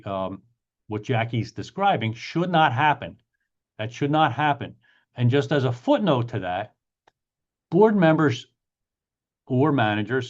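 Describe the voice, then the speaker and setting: Middle-aged male lawyer host, mid-pitched, emphatic and repetitive, dull lo-fi stream sound. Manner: emphatic, repeats key points, acts out clients in quick asides. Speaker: attorney hosting a monthly Q&A. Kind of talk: casual explanatory talk answering chat questions.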